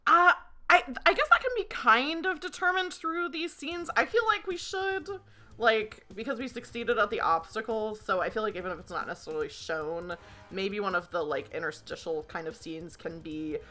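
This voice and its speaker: A woman's voice: mid-range voice, moderate pace, pushed and bright, soft background music. A young woman casually running a tabletop game, giggling and rambling with many fillers. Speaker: game facilitator.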